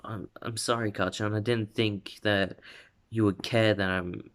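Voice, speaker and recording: A man's voice: fairly low pitch, fairly even intonation, measured pace, a bit bright. A man doing a timid stammering teen boy. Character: shy polite teenage boy hero.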